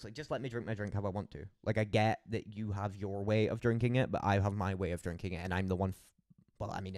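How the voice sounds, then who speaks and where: A man's voice: low voice, darkish tone, no room sound, clean studio sound. A young Scottish man rambling through stories on a late-night stream, swearing a lot and laughing often. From Scotland.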